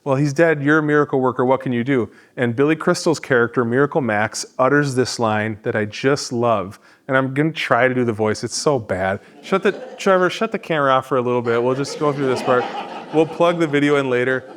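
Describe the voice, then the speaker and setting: A pastor leads an adult class with an easy, conversational delivery and keeps poking fun at himself. His voice sits at a middle pitch for a man. He sounds like he is talking to a small group in a church classroom. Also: fairly quick. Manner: conversational, self-deprecating. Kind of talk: teaching an adult education class.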